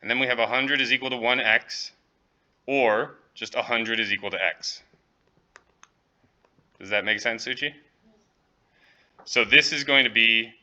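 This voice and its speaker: A man's voice: on the low side, bright, forceful tone, rough recording. A man teaching economics, working through a problem step by step and checking in with students, with the occasional joke. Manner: light, joking asides. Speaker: economics professor. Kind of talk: classroom lecture.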